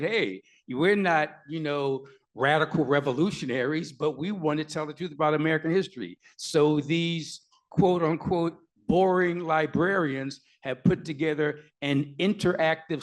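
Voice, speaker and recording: Emphatic man telling a story at a panel. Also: a little high. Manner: emphatic, storytelling, dry asides. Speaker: activist lawyer panelist. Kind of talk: panel talk Q&A answer.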